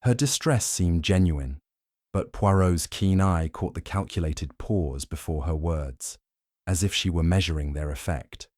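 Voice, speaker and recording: Deep-voiced male audiobook narrator. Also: unhurried, darkish tone, no room sound, studio quality.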